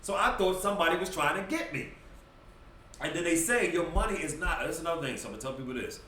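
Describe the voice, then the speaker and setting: A man's voice: a little high, quick pace, a little hiss or hum. A man on a podcast telling a story in casual talk, acting out what people said and laughing as he goes. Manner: animated storyteller, acts out quotes, laughs as he talks. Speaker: podcast guest. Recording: roomy, slightly distant mic, faint ambience.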